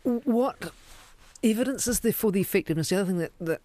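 A man's voice: sits high, fast, mellow. A man interviewing a guest, restating her points before asking probing questions.

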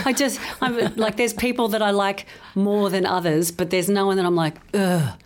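A woman with an Australian accent, a comedian guest on a podcast, telling animated stories in casual chat. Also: moderate pace. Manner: animated storyteller, jumps into high exclaims.

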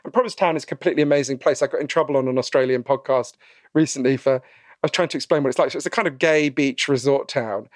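A man being interviewed about his book, telling stories in a lively conversational way and acting out the voices he quotes. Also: mid-range voice, fast talker, no room sound, clean studio sound. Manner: animated storyteller, acts out quoted voices, frequent "right?".

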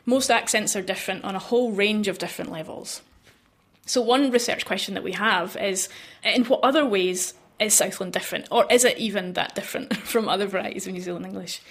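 A woman's voice: mid-range voice, a little fast. An American woman, a linguistics researcher, explains her work patiently in a radio interview and laughs lightly between points.

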